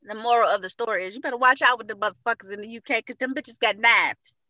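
A woman's voice: on the high side, fast, bright, forceful tone, no room sound, dull audio. A woman co-hosting a casual podcast, retelling a funny video with lots of profanity and laughter. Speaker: podcast co-host. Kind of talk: casual chat, storytelling.

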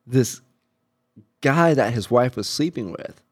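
A man's voice: mid-range voice, lively intonation, slow pace. Guy from new mexico rambling thru a story on a podcast, lots of likes and ums. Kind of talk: casual chat, storytelling.

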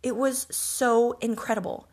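A woman's voice: fairly high pitch, steady tone, unhurried, a little mellow. A woman hosting a podcast, telling a personal story in an earnest, reflective and emotional way. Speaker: podcast host.

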